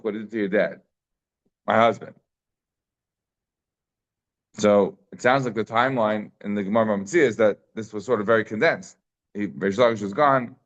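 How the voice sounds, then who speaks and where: A man giving a casual Talmud class, telling the story with animated asides and Hebrew and Aramaic terms mixed into English. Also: medium pitch. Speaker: Talmud teacher. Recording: slightly dull lo-fi audio.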